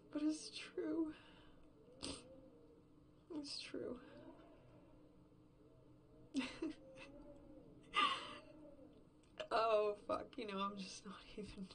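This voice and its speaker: An actress playing a lonely, grieving woman in an audio drama, speaking in halting, hushed fragments. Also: medium pitch, a little hiss or hum, lightly acted. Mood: desperate. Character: lonely grieving woman, bitter and self-mocking.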